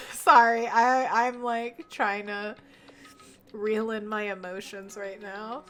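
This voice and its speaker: A woman's voice: medium pitch, little pitch movement, takes it slowly, fairly bright tone, soft background music. A young woman streaming a game who is tearing up while she chats and apologises for her emotions. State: teary, fighting back tears. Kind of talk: casual live-stream chat.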